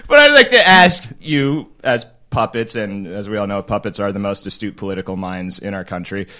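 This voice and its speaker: A man hosting a podcast who interviews puppet guests in a dry, deadpan way. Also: lowish voice, moderate pace. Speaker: podcast host. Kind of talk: comedy interview.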